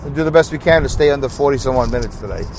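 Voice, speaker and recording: On poor audio with slight background noise, a man with a medium-pitched, slightly mellow voice talks rapid-fire. He's the host of a casual solo podcast, thinking out loud, rambling, asking and answering his own questions, and guiding listeners through a breathing break.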